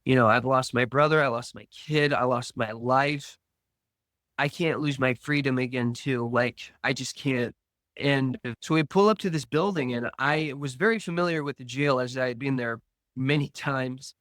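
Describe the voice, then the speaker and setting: A man speaks at an unhurried pace, earnestly recounting a personal story and voicing the lines of the people in it. His voice sits at an ordinary middle pitch, recorded close and dry with no room sound. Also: fairly bright tone, no echo. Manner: earnest, slow storytelling with reenacted dialogue. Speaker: podcast guest.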